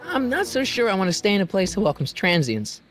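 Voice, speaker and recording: A man's voice: high voice, huge pitch swings, a bit bright, full character voice. An actor playing a laid-back, curious teenage boy in a video game. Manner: casual, quick reactions. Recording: game audio with faint background music.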